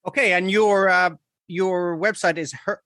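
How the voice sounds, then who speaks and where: A man's voice: high voice, steady tone, a little slow, pushed and bright, no room sound, studio quality. A man hosting a podcast, asking rambling, chatty questions full of fillers. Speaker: podcast host. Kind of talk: conversational interview.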